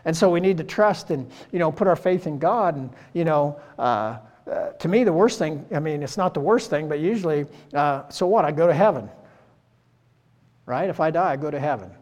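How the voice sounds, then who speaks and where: A man in his sixties delivers a casual, folksy sermon, often tossing in "right?" and "you know". His voice sits a little high for a man. It rings with a long reverb, as in a large church hall. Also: lively intonation, normal speed, darkish tone. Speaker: preacher. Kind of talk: conversational sermon.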